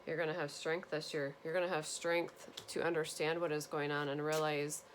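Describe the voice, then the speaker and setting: Earnest, low-voiced woman giving a tarot reading. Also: little pitch movement, normal speed, hardly any pauses, slight background noise. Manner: gentle, earnest, repetitive reassurance. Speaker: tarot reader. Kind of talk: spiritual tarot reading to viewers.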